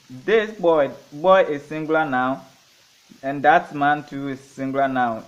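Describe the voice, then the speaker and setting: A man teaching a grammar lesson, going slowly through examples, repeating each one and asking and answering his own questions. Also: on the high side. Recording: dull lo-fi recording.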